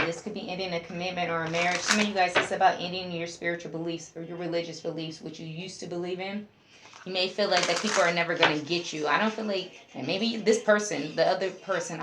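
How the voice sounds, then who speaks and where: A woman's voice: lowish voice, heavy background noise. A woman giving a casual tarot reading, chatty and talking straight to her viewers as a group. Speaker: tarot reader. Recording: roomy echo, faint music behind.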